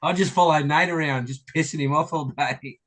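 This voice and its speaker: A man's voice: fairly high pitch, fairly even intonation, a little fast, a bit bright, slight background noise. A man who is a podcast guest, wisecracking and teasing. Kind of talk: casual podcast banter.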